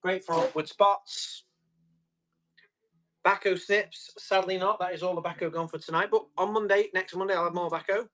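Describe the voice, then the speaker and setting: A man's voice: high-pitched, steady tone, normal speed, fairly bright tone. Chatty man selling tools. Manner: chatty, jokey salesman patter. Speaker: live auction seller. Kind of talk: live-stream tool auction chat.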